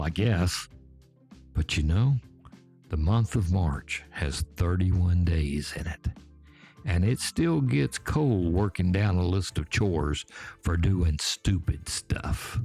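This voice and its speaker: A man in his seventies with a Georgia accent telling folksy tales in an unhurried way, talking straight to his listeners. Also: sits low, expressive, a little mellow, faint music behind. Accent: Southern US, Georgia. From Georgia, USA. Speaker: storyteller host. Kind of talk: folksy spoken storytelling. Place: back porch.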